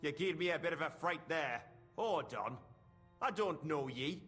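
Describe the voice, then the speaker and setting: A man's voice: a little high, expressive, measured pace, fairly bright tone, faint music behind. A sighing mine foreman, thick dialect, echoing game audio. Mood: startled. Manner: heavy old mining dialect, weary and sighing. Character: grieving male mine foreman, weary, plain-spoken.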